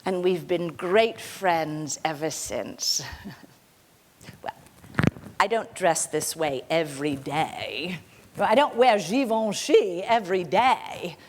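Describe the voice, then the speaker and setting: An actress in her sixties playing a gentle, modest film star who reminisces in a soft, gracious storytelling manner, laughing lightly now and then. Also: lowish voice, slow pace. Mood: fond, amused. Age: 60s. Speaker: actor in a one-woman portrayal. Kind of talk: theatrical monologue. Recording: long reverb of a hall.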